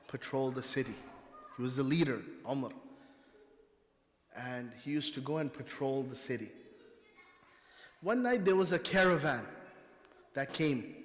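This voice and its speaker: Urdu-speaking man preaching in a reverberant hall. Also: fairly high pitch. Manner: storytelling, conversational preaching. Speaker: guest speaker at a mosque. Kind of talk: sermon. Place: mosque hall. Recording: long reverb of a mosque hall.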